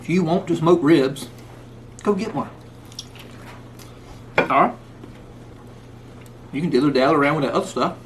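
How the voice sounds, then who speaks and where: Speaking at a measured pace with frequent pauses, a man with a slightly high voice hosts a casual cooking vlog in a folksy tone, sometimes mid-bite. Background noise accompanies him from the rainy outdoors to the indoors.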